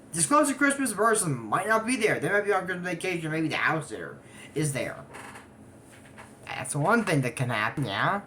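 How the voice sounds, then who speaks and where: Rambling casually through a cartoon episode recap with plenty of tangents, this anime reviewer in their twenties speaks in a mid-range voice with a sharp tone. There's slight background noise.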